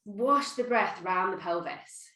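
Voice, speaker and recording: A woman teaching a guided breathwork class, giving gentle, playful instructions. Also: medium pitch, animated, takes it slowly, echoey room, low-quality recording. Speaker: yoga teacher.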